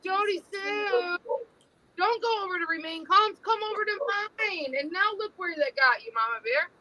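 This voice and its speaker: A woman's voice: very high-pitched, moderate pace, bright, forceful tone, rough recording. A woman ranting on a livestream, angry, mocking and full of swearing. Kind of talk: heated livestream rant.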